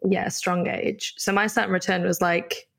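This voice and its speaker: A woman's voice: on the low side, level tone, normal speed, gravelly, fairly bright tone. A woman in her thirties from the north of England, a podcast guest telling long chatty stories full of likes and ums. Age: 30s. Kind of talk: casual conversation.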